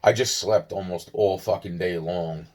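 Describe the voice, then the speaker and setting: A man's voice: sits low, fairly even intonation, normal speed, darkish tone. A young man rambling on in a casual monologue, swearing often, yawning and tired. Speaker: vlogger.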